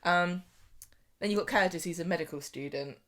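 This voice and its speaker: A woman's voice: lowish voice, a little fast. A woman co-hosting a podcast, recapping soap episodes in casual chat and laughing often. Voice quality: laughs often, animated storytelling. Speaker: podcast co-host.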